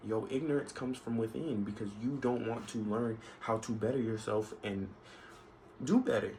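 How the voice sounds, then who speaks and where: Man, vlogger, rambling casual monologue, mid-pitched voice, faint background noise. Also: normal speed, mellow, rough recording. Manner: rambling, many restarts and asides.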